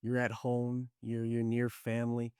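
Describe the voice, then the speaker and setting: A man's voice: mid-range voice, monotone, a little slow, a little mellow, clear, resonant tone, no echo, clean studio sound. Teasing American man hosting a podcast. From United States. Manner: teasing, blunt, swears freely. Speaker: podcast host. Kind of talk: casual interview.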